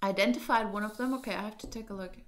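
A woman's voice: mid-range voice, rapid-fire. Hesitant woman streaming a game. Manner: thinking aloud, hesitant, many fillers. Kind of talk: casual let's-play commentary.

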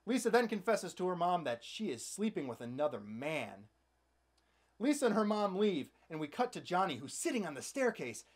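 A man's voice: high voice, big pitch swings, moderate pace. A man hosting a comedic movie recap, narrating with sarcastic, playful asides. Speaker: host.

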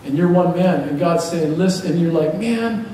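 A man preaching a sermon as pastor, lively and joking as he urges the congregation on. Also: fairly high pitch, brisk. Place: church sanctuary. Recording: echoey hall from far off, faint hiss.

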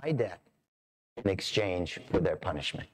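A man's voice: low voice, lively intonation, moderate pace, a little hiss or hum. A middle-aged man preaching a sermon as pastor, storytelling with animation and acting out voices. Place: church sanctuary.

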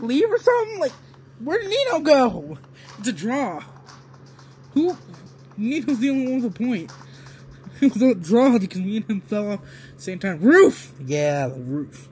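A man giving excited gameplay commentary, yelling, laughing and pleading with his opponents as he plays. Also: very high voice, a little hiss or hum. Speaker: gaming video creator.

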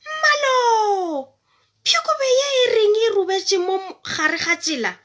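A woman voicing an angry man who shouts and scolds, in a children's story. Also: extremely high pitch, expressive, moderate pace, voice pushed up, heavily acted.

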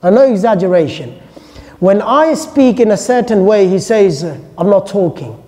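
A man's voice: high-pitched, animated, normal speed, darkish tone. A man giving a casual, joking classroom lecture to listeners. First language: English. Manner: chatty, joking, informal asides. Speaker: Islamic lecturer. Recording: long hall reverb.

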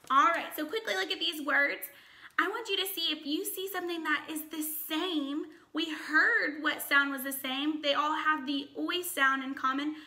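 Woman, phonics teacher, high voice, encouraging, slow clear sounding-out. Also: sharp tone. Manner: upbeat, encouraging, sounds out words slowly. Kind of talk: children's phonics lesson.

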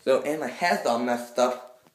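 A man's voice: mid-range voice, measured pace, a little hiss or hum. A young man rambling goofily in a casual vlog at home, self-aware and jumping between topics, filming on a handheld phone. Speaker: vlogger. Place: at home, indoors.

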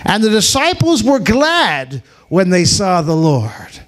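A man, a pastor, reading scripture aloud at a church service in an expressive, deliberate storytelling way. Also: high voice.

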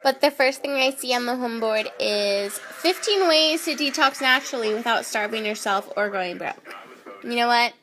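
A woman's voice: fairly high pitch, moderate pace, sharp tone, slight background noise. A young woman with a stuffy, nasal voice, tipsy and rambling goofily in a casual vlog filmed on her phone at home. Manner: goofy, rambling and chatty. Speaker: makeup artist. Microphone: phone camera.

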